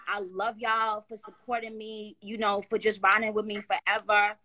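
A woman's voice: mid-range voice, level tone, moderate pace, pushed and bright, slight background noise. A woman talking into her phone on a casual live stream, emphatic and slangy, rambling through restarts.

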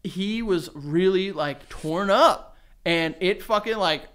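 His voice sits high, smooth and slow as he co-hosts a relaxed podcast conversation. He tells lively stories, performs the quotes in them, and laughs frequently.

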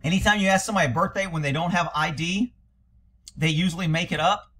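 A blunt, sarcastic man commenting on police footage as a cop would, with a bright, forceful edge to his voice. His voice sits a little high for a man, and he swears freely as he tears into what he hears. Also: fast talker. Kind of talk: reaction commentary.

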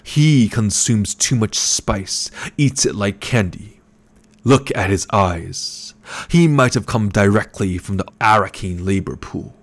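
A man voicing a gluttonous, scheming older male baron who speaks slowly and condescendingly. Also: on the low side, expressive, full character voice. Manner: slow, menacing and condescending.

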